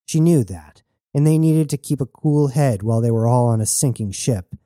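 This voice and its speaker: Man narrating an audio drama in a dark voice. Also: mid-range voice, animated, moderate pace, no room sound, studio quality. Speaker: narrator and sole performer.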